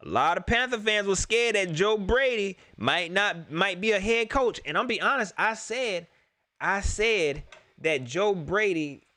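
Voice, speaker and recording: Animated, bright-voiced sports fan man. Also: high-pitched, no room sound. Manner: animated, repeats himself, laughs often; talks straight to viewers. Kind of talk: excited casual sports preview chat.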